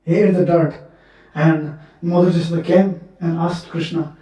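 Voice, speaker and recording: A man telling devotional stories in an earnest, repetitive sermon style. His voice is high but soft and mellow. He sounds distant, with heavy echo from a temple hall. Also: steady tone, moderate pace. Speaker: preacher. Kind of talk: sermon storytelling. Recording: echoey temple hall, mic far off.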